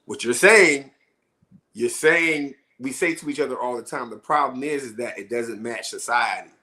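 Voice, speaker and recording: A man co-hosting a casual podcast chat, arguing in an animated way and asking rhetorical questions. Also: mid-range voice, normal speed. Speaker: podcast co-host. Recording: roomy echo.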